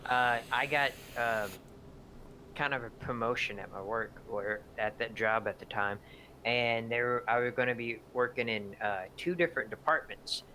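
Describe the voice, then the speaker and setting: A man's voice: medium pitch, moderate pace, sharp tone, slight background noise. A man co-hosting a streamed gaming talk, blunt and teasing, swearing casually. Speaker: co-host.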